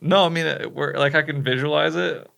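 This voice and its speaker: Man, podcast host, gravelly, bright tone, teasing, quick interjections. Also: on the high side, steady tone. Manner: teasing, laughing, short interjections. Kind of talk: casual chat.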